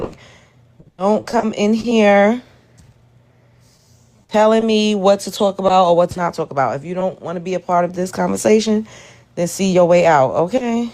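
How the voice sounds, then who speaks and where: A woman hosting a live stream reacts to a video and speaks straight to her chat, clearly exasperated. Her mid-range, darkish voice moves at a moderate pace, broken up by long pauses, in casual commentary.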